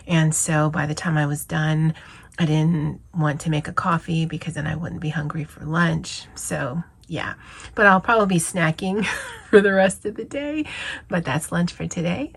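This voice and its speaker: A woman's voice: low voice, vocal fry, noisy background. A woman vlogger casually chatting about her lunch, with many fillers and restarts. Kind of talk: casual lunch diary chat. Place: office at work on campus.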